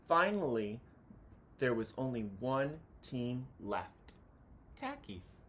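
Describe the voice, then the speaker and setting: A man reading a children's picture book aloud, chanting the counting cheers with animated delivery. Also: mid-range voice, slow, a little hiss or hum.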